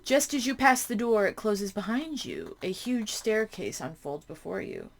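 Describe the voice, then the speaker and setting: A woman's voice: mid-range voice, sing-song, normal speed, gravelly. A woman playing a horror game, reading its text aloud and breaking off for startled, chatty asides. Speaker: game streamer.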